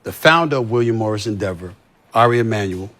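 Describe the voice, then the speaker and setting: A man's voice: on the low side, lively intonation, fast talker, fairly bright tone. A man talking in a heated, profane podcast conversation, pressing his points again and again. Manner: emphatic, profane, repeats points. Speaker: sports commentator as podcast guest.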